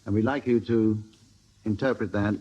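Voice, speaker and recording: A man's voice: fairly low pitch, fairly even intonation, moderate pace. A man chairing a radio comedy panel game, dry and mock-formal, speaking in a studio before an audience on a 1970s recording. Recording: dull lo-fi 1970s radio recording with loud hiss.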